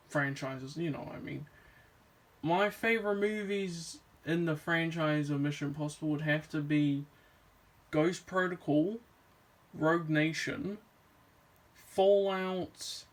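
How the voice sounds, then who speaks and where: A young man vlogging in a casual, rambling way, with lots of fillers and restarts as he talks about films he loves. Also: a little high. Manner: rambling, full of "like" and "um", enthusiastic. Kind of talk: casual movie chat.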